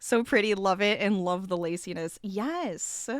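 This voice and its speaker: A woman's voice: mid-range voice, unhurried, dry recording, clean studio sound. A woman streamer chatting casually with her chat while she crochets. Her voice is slightly scratchy as she gets over an illness, and she laughs often. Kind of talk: casual crafting livestream chat.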